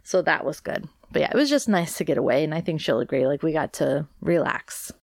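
Congested woman podcaster, low gravelly voice. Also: animated, fairly quick, dry recording, clean studio sound. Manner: chatty, rambling, upbeat. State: congested from allergies. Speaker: podcast host. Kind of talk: casual solo podcast chat.

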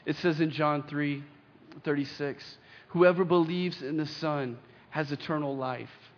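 A young adult man preaching a sermon in a church, reading scripture aloud with earnest emphasis and pauses. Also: a little high. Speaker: pastor. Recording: dull lo-fi sound with long hall reverb.

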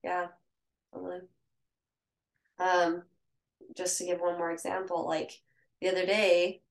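A woman co-hosting a podcast in casual chat, telling candid, lively stories. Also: on the low side, creaky. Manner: candid, animated storytelling. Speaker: podcast co-host. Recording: echoey room.

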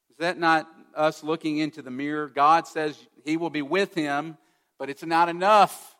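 A man's voice: fairly high pitch, fairly even intonation, normal speed, a bit bright, smooth. Earnest preacher man in a reverberant hall. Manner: earnest preaching, asks the listeners direct questions. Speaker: pastor. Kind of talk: sermon.

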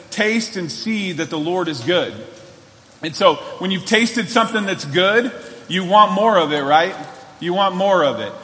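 Bright-voiced pastor preaching in a church hall. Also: male voice, high voice. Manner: earnest, conversational preaching with many restarts. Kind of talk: sermon.

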